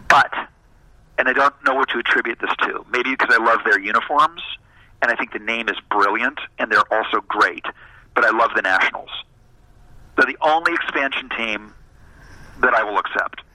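A man chatting casually, telling stories in an animated, self-deprecating way. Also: medium pitch, moderate pace, no echo, low-quality recording. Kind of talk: casual chat.

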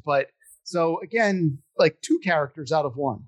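A middle-aged man spins a long, meandering story in casual conversation. He fills the gaps with ums and likes and pokes fun at himself. His voice sits a little high for a man. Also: moderate pace. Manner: rambling, animated, self-deprecating, with many fillers. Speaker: podcast guest telling stories.

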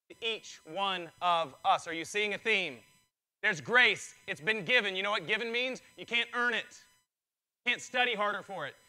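Bright-voiced excitable male preacher. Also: high voice, poor audio. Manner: excitable, preaching with rising intensity. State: voice strained from preaching. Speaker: pastor. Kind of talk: sermon.

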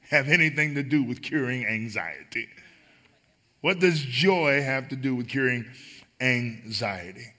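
A man's voice: mid-range voice, sharp tone. A man preaching a sermon as pastor, emphatic and building on repeated phrases.

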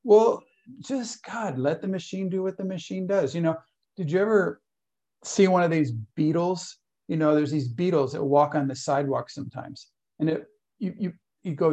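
A man's voice: high-pitched, animated, moderate pace, warm tone. A man leading a workshop, talking loosely through stories and acting out little inner voices. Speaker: workshop leader. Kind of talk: teaching talk.

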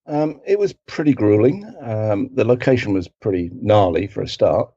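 Middle-aged London man, husky and lowish, rambling storyteller, dry lo-fi line. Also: animated, normal speed, warm tone, no echo. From England. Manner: rambling, self-correcting, acts out quotes in other voices. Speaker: guest, film assistant director. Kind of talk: casual anecdotal storytelling.

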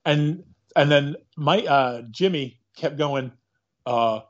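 A man co-hosting a casual chat about a movie, retelling scenes in a rambling, animated way with quick quoted asides. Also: on the high side. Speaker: podcast co-host. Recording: dull lo-fi sound.

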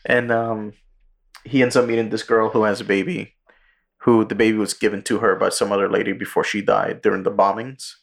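A man co-hosting a podcast, casually retelling a movie plot with lots of swearing and quick character voices. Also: lowish voice, vocal fry. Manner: profane, animated storytelling with quick character impressions. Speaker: podcast co-host.

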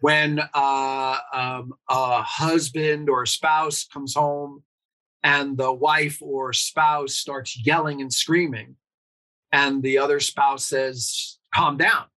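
A man's voice: medium pitch, little pitch movement, slow, sharp tone, rough recording. A man, a pediatrician guest on an interview, explaining earnestly and asking rhetorical questions.

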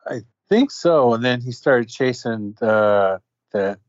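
Man co-host, slow low-voiced interjections, dry lo-fi sound. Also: expressive, dry recording. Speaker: podcast co-host. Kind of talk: casual chat.

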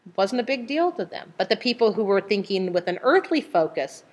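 Animated woman leading a Bible study. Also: a little fast. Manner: animated, acts out voices with sudden high outbursts. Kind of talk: casual group Bible study.

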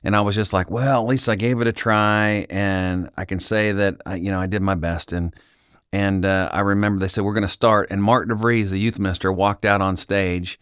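A middle-aged man from Kansas, a podcast guest telling a story in casual chat, acting out the dialogue with lively voices. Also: on the low side, normal speed, smooth, dry recording, studio quality. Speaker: podcast guest, Christian singer-songwriter.

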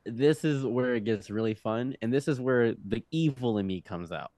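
A young man telling a wild personal story on a podcast. He is animated and laughs often, dropping low and then jumping up loud. The sound is dry and close. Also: moderate pace, no echo. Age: young adult. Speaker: podcast guest. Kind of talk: casual storytelling.

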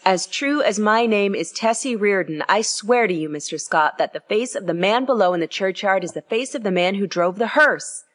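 Woman voicing a young girl swearing she's telling the truth, lively. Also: mid-range voice, moderate pace, few pauses, lightly acted. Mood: earnest. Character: young female artist's model, earnest.

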